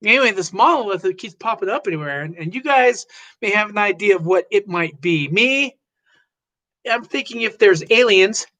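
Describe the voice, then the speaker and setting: A woman's voice: mid-range voice, expressive, moderate pace, a bit bright. A woman hosting a casual livestream chat who greets viewers by name and rambles with lots of fillers. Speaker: livestream host.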